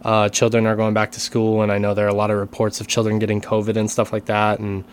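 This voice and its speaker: A man's voice: on the low side, completely flat delivery, fast, a little hiss or hum. A man co-hosting a casual podcast, talking with many restarts and careful hedging. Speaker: podcast co-host and teacher.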